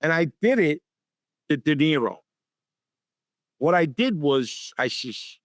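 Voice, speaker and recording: An older man, an actor guest on an interview show, telling lively anecdotes and acting out the dialogue in them. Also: fairly high pitch, measured pace, long pauses, no room sound, studio quality. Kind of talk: storytelling interview.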